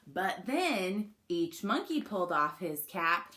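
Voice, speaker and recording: A woman reads a picture book aloud to young children in a slow, unhurried way, often stopping to invite them to join in. Her voice is bright and clear, and she talks warmly to her little listeners. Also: on the low side, very animated, a little hiss or hum. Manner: warm, coaxing, asks listeners to join in. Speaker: children's story reader. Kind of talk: storybook reading to children.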